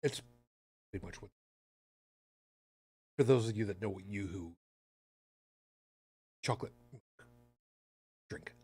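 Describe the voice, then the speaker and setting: A man's voice: fairly low pitch, takes it slowly, long pauses, a little mellow, breathy edge, dry recording, studio quality. A man hosting a podcast in casual chat, talking with sarcastic, rambling asides. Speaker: podcast host.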